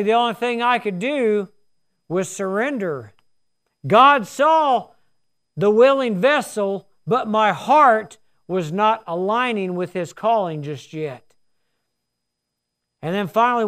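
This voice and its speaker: Older male pastor, high and smooth-voiced, folksy earnest sermon delivery. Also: lively intonation, a little slow, fairly bright tone.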